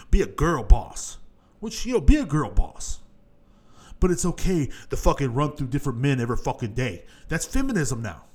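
A man's voice: fairly high pitch, a little mellow. A man hosting a solo podcast, talking in a profane, rambling, opinionated rant. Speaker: podcast host.

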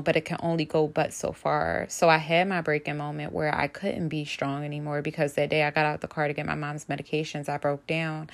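A young woman talking straight to her viewers about a painful loss, earnest and emotional, holding back tears. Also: sits low. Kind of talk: personal vlog about grief.

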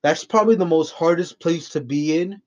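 A man's voice: on the high side, normal speed, a little mellow. A man hosting his first podcast, talking loosely and off the cuff, rambling with lots of swearing and jokes. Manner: rambling, profane and joking. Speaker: podcast host. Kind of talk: unscripted solo podcast chat. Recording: dull lo-fi recording.

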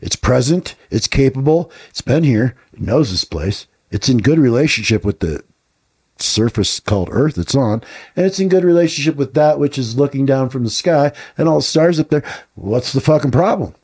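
A man's voice: medium pitch, lively intonation, moderate pace, a little mellow, husky. A man co-hosting a podcast, talking bluntly and swearing often, firing off rhetorical questions in casual talk. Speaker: podcast co-host.

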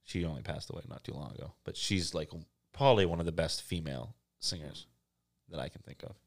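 A man's voice: a bass voice, fairly quick. A man hosting a casual comedy podcast, joking around, laughing often and breaking into silly sung bits. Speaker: podcast host.

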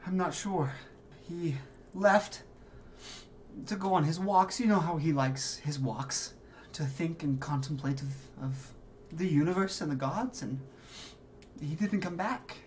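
A man's voice: a little high, a little slow, slight background noise, voice pushed up, close to an everyday voice. A man voicing a middle-aged mother grieving her husband, stammering and breathless through tears. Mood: anxious grief.

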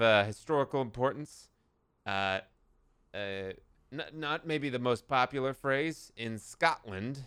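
A man co-hosting a comedy podcast in a lowish voice with a bright, crisp tone. He delivers mock-scholarly nonsense with a dry, matter-of-fact air, as if explaining real history. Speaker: podcast co-host. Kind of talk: casual comedic podcast chat.

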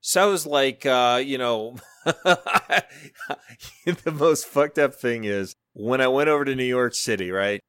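A man's voice: medium pitch, unhurried, a bit bright, clean tone, dry recording. A male podcast host with a mid-range voice telling long, digressive stories in a loose, profane way. He breaks into laughter and acts out what other people said. The sound is close and dry. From Florida, US. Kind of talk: casual rambling monologue.

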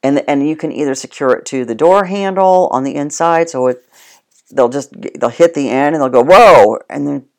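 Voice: mid-range voice, brisk, darkish tone. Plain-spoken dog trainer explaining. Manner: plain-spoken, repeats and restarts, addresses the listener directly. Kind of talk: casual spoken instruction.

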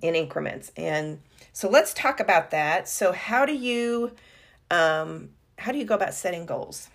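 A woman's voice: lowish voice, animated, measured pace, vocal fry. A woman co-hosting a casual business podcast, talking conversationally with fillers and self-corrections. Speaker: podcast co-host.

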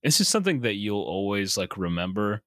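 A man co-hosting a casual movie podcast, relaxed and playful. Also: lowish voice, fairly quick, dry recording, clean studio sound. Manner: casual, playful, acts out quotes. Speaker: podcast co-host.

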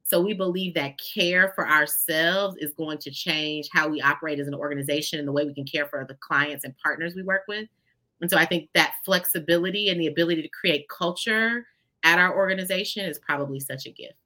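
Female guest, pitched low but bright and lively in timbre, warm folksy storyteller. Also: brisk. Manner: expressive, folksy, addresses listeners as "y'all". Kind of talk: conversational storytelling.

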